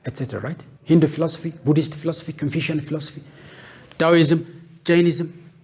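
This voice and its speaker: Husky-voiced man lecturing on philosophy. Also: fairly high pitch, mellow. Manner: asks questions and answers them himself; lists terms one by one with pauses. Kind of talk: classroom lecture.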